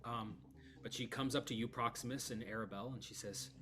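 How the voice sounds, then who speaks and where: A man's voice: medium pitch, fairly even intonation, fairly quick, noisy background. A man narrating as game master of a tabletop game, in a casual, filler-heavy way.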